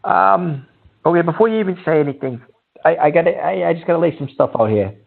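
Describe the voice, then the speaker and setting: Gravelly radio host. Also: male voice, fairly high pitch, lively intonation, quick pace. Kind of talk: comedic call-in radio bit. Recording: tinny phone-like sound.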